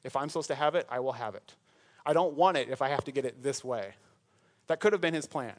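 A man's voice: mid-range voice, quick pace. A man preaching a sermon to his church, conversational and joking, breaking into asides and laughs as he retells a Bible story. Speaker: pastor.

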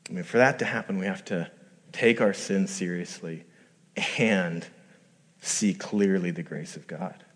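A man's voice: sits low, measured pace. A male pastor giving a conversational sermon, acting out quoted voices and rising to emphatic peaks. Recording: long hall reverb.

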